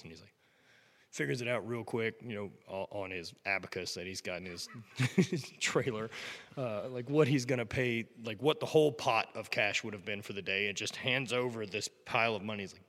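Man, low-pitched, relaxed swearing storyteller; room with long reverb. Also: fairly quick. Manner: profane, laughing storyteller. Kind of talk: casual chat.

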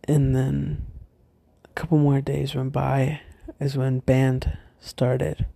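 A young man telling a personal story from his school days, hesitant and halting, often stopping and restarting. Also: mid-range voice, level tone, creaky, dark tone, no room sound.

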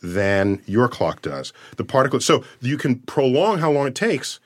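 A man in casual conversation as an astrophysicist guest, explaining science with animated, theatrical emphasis. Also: mid-range voice, measured pace.

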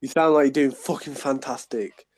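A man's voice: mid-range voice, fairly quick, darkish tone, slightly rough, no room sound. A man trading crude, teasing mock insults in casual banter on a live stream.

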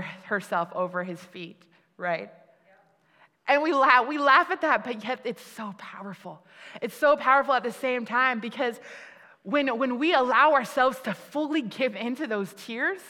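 Preaching in a conversational style, this woman laughs at herself, restarts sentences often and fills gaps with many fillers. Her voice is a little high, bright and forceful, and a long hall reverb surrounds it.

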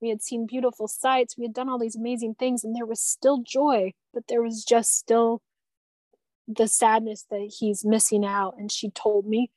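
A woman with a slightly high voice speaks earnestly and tenderly. She pauses and restarts often. The sound is dry and close. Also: level tone, dark tone, no echo. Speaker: guest. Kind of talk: emotional personal conversation.

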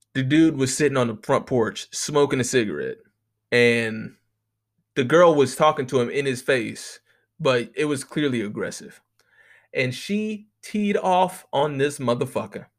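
An American man doing a comedic monologue, telling rambling stories and ranting with constant profanity. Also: mid-range voice. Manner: profane, animated, rambling storytelling.

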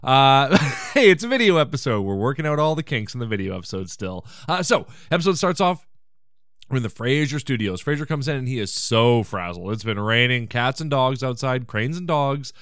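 Male podcast host, lively up-and-down delivery, joking and rambling, dry close sound. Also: mid-range voice, normal speed, smooth, no echo. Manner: rambling, joking, sarcastic asides. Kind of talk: casual comedic episode recap.

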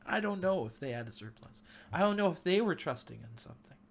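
A man's voice: a little high, big pitch swings, fast, creaky. A man in his thirties hosting a devotional talk, sharing an earnest, emotional testimony. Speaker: podcast host.

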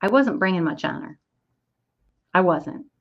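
Middle-aged woman, low-ish voice, candid storyteller, dull lo-fi audio. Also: animated, measured pace. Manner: candid, self-deprecating storyteller. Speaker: speaker to an online audience. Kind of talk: inspirational storytelling talk.

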